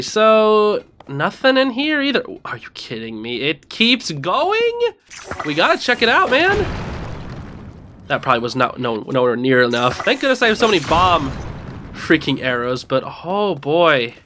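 A young man hosting a gaming channel, chattering excitedly to himself and the game as he plays. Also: high-pitched, a little hiss or hum. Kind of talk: casual let's play commentary.

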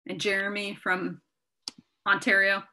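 Bright chatty woman on a video call. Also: medium pitch, flat delivery, unhurried. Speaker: panelist. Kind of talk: casual video-call chat.

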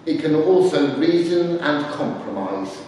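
A man's voice: a little high, lively intonation, measured pace, a little mellow, slight background noise. A man playing the Lord as a fond, patient creator in a dramatised church reading, speaking earnestly and tenderly. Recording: echoey church heard from far off.

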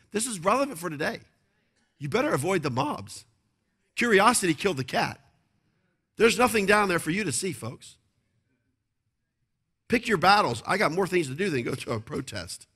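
Bright, emphatic male pastor. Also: high voice, very animated, normal speed, long pauses, slightly rough. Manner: emphatic, repetitive, calls to the congregation. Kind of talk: sermon.

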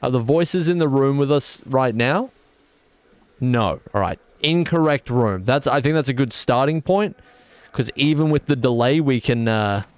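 A young man streams a game and talks straight to his chat in a loose, jokey ramble. His voice is smooth and resonant at a middle pitch. The sound is dry and close. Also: no room sound. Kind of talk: casual gaming stream commentary.

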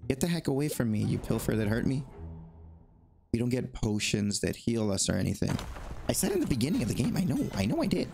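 A man playing a video game and commenting as he goes, excitable and talking to the game, with sudden high yelps when he panics. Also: quick pace, creaky, soft background music. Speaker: gaming YouTuber. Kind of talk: let's play commentary.

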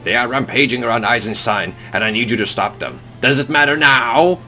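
A man voicing a stern, weary noble duke giving orders to a mercenary, measured and commanding. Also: mid-range voice, sharp tone, faint music behind, close to an everyday voice. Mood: grim.

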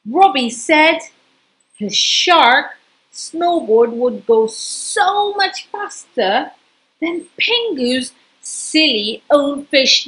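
A woman's voice: high-pitched, rough recording. Sing-song woman reading to a child. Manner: lively, sing-song, talks directly to a young child. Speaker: storyteller. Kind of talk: reading a picture book aloud to a child.

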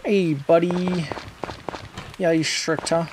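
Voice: medium pitch, lively intonation, slow, pauses often, heavy background noise. A gaming streamer giving casual, offhand let's-play commentary and muttering to themself. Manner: mumbling, offhand, muttering to self.

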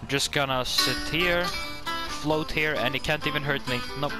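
A man hosting a gaming channel, giving excitable, jokey gameplay commentary full of swearing and sudden outbursts. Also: fairly high pitch, unhurried, music in the background.

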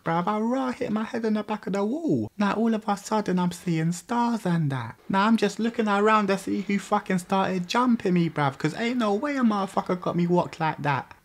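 Slangy man telling a crude story. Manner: crude, slang-heavy, animated storytelling with sudden pitch jumps. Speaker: storytime channel host. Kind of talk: comic storytime monologue.

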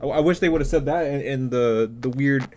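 A crude, wisecracking young man narrating his horror game run in a middle-pitched voice, jumping from loud outbursts to low mutters. A steady noise hiss sits behind his home recording. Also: moderate pace. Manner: crude, joking, swings between yelling and muttering. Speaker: gaming youtuber. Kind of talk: let's play commentary.

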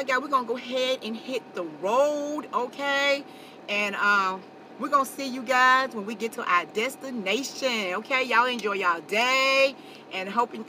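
Bright-voiced chatty woman vlogging in a car. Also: on the high side, a little hiss or hum. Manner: chatty, tags lines with "okay" and "y'all". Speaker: family channel host. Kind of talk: casual vlog to camera. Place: inside a car.

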